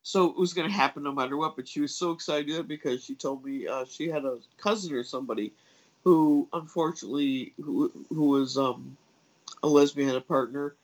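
A woman telling a long personal story in casual chat, hesitant and full of fillers and restarts, jumping up in pitch when she acts out what others said. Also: fairly quick, rough recording. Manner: acts out quoted voices with big pitch jumps.

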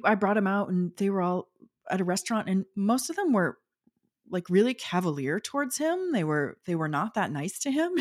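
Her pitch is fairly low but swings widely, and she speaks at a moderate pace. She's a woman in her forties sharing personal stories as an interview guest, chatty, laughing often and using lots of fillers.

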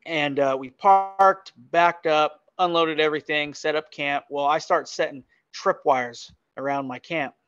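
Man, podcast guest, casual animated storytelling, higher pitch, dry muffled sound. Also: a little slow, hardly any pauses, clean tone, no echo. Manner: animated, laughs often, acts out quotes.

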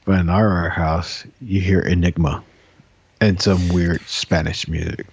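A man chatting casually on a podcast, halting and repeating words, swearing now and then. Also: deep voice, steady tone, gravelly, darkish tone, husky, dull audio. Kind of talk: casual chat.

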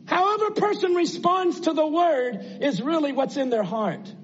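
A man's voice: extremely high pitch, moderate pace, highs cut off, a little hiss or hum. A man preaching a sermon in an earnest, conversational way, asking his listeners rhetorical questions.

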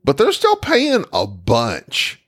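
Male co-host, mid-pitched, animated and jokey, bouncy inflection. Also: takes it slowly. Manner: animated, mock-outraged. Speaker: podcast co-host. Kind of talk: casual banter.

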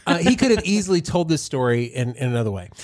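A man's voice: fairly high pitch, big pitch swings, fast talker, a little mellow. A man in his thirties, a pastor co-hosting a casual talk show, speaking candidly and joking as he tells stories. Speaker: pastor and podcast co-host. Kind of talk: casual chat.

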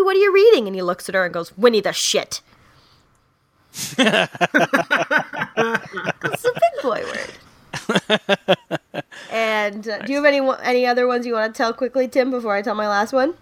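A woman's voice: fairly high pitch, fairly bright tone. A young woman hosting a casual comedy podcast, telling jokes with lots of laughs and fillers. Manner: laughs often, many fillers. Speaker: podcast host. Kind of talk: casual joke-telling chat.

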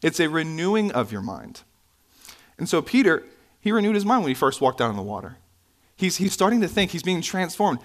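A man preaching a sermon in a church, conversational with asides and self-corrections, his pitch jumping up when he stresses a point. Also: fairly quick. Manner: animated, pitch swinging up for emphasis. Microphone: microphone, sometimes bumped.

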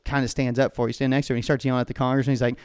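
A man's voice: mid-range voice, flat delivery, very fast, clean tone, no echo. A man co-hosting a podcast, telling a story in a casual, heavily profane rant. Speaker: podcast co-host. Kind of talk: casual chat.

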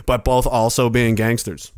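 A man's voice: medium pitch, level tone, a little slow, smooth, dry recording, studio quality. A man hosting a stream, rambling casually, joking, laughing often and swearing. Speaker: streamer host. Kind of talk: casual comedic chat.

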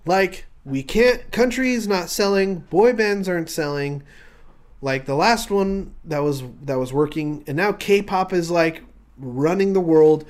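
A man's voice: high-pitched, measured pace. A man voicing a panicked male record label executive, frantic and whining. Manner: frantic, whiny complaining.

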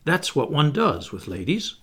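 A man's voice: a little high, huge pitch swings, unhurried, fairly bright tone, husky, heavily acted. A man voicing a solemn, know-it-all boy who agrees with everything and plays a pompous doctor. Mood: agreeable.

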